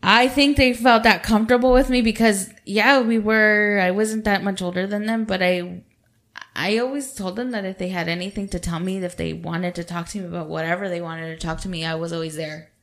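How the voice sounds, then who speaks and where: A woman's voice: mid-range voice, steady tone, brisk, a bit bright. A young adult woman speaking earnestly and supportively as a guest in a casual podcast chat. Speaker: guest, family member.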